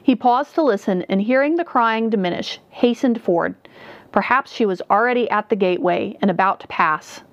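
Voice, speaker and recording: A woman narrating a dark fantasy story in a measured storytelling manner. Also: medium pitch, no room sound. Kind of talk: audiobook narration. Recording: dull, dry recording.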